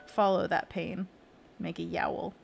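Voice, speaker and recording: A woman's voice: fairly low pitch, flat delivery, takes it slowly, vocal fry, slight background noise. A woman hosting a casual livestream as a freelance illustrator, reading viewer comments aloud in a chatty, playful way and laughing often.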